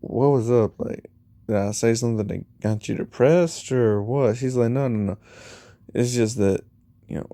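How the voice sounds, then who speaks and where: A man's voice: fairly low pitch, creaky, dark tone, no echo. A man casually telling a fan-made story, rambling through it and retelling each line of dialogue with "he's like" and "you know". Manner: rambling, retells dialogue with 'he's like' and 'you know'.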